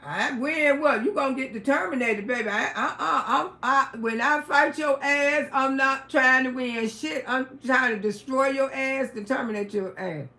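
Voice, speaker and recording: Brash, high-voiced middle-aged woman storyteller. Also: moderate pace, few pauses. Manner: brash, profane, bursts into loud exclamations. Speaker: livestream host. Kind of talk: casual livestream storytelling. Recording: roomy echoey room.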